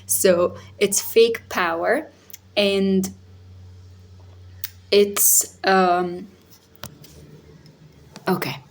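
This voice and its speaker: Woman, phone-camera vlog, slow and deliberate delivery, casual talking-head style. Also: medium pitch, steady tone, slight background noise. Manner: unhurried and thoughtful, with sassy quoted voices. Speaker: vlogger on narcissism and recovery.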